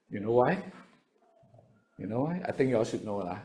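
A middle-aged man with a Singaporean English accent, preaching to seminary students in a lively, chatty way and often repeating his words. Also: medium pitch, normal speed. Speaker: pastor.

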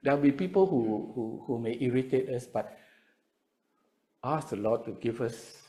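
A middle-aged man with a Singaporean English accent, preaching to seminary students in a lively, chatty way and often repeating his words. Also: medium pitch, moderate pace. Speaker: pastor.

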